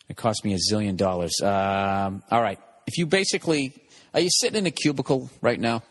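A man who hosts a podcast and does stand-up, giving a casual, rambling ad read with swearing and self-mocking asides. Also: medium pitch. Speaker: podcast host and stand-up comedian.

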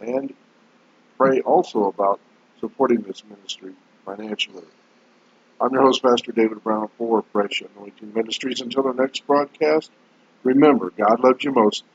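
A man, a pastor hosting a radio devotional sermon, speaking in a measured, earnest way and drawing out his words. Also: medium pitch, slightly rough. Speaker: pastor and host. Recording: dull lo-fi broadcast audio.

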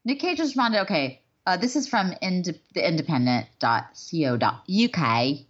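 A woman's voice: fairly low pitch, animated, moderate pace, lo-fi sound. Giggly woman chatting on a podcast. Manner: giggly, reads news stories aloud, jokey impressions. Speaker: podcast co-host. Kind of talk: casual podcast chat.

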